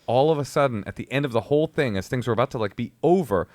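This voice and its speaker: A man's voice: medium pitch, lively intonation, rapid-fire, a little mellow, dry recording. A man in his thirties, a comedian, telling a story in a casual podcast chat, rambling with many fillers and restarts.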